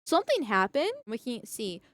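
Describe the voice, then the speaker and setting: A woman's voice: on the high side, sing-song, normal speed, background noise. A woman streamer giving casual reaction commentary, blunt, profane and sarcastic.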